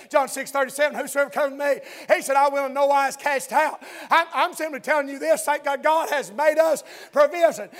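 A middle-aged pastor with a drawl delivers a fervent sermon in a strikingly high voice. He swings from quiet asides to ringing shouts. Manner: fervent preaching that builds to shouting.

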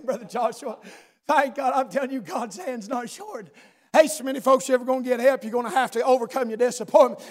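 A preacher with a strikingly high voice delivers a revival sermon. He rises into rhythmic, chanted shouts and sprinkles "amen" through every thought. Then he falls back to a low, confiding tone to draw the congregation in.

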